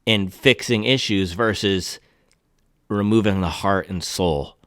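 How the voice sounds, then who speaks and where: An excitable man with a low voice hosts a casual shoe review vlog. He talks freely, tossing in slangy exclamations as he goes. The sound is dry and close, with no room in it. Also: slow, clean tone, no echo.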